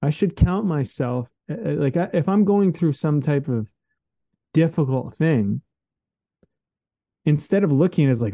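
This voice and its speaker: Very dark-voiced man in casual chat. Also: a little high, animated, unhurried, long pauses, no echo. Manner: rambling and earnest, heavy use of "like" and "man". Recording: dull lo-fi dry recording.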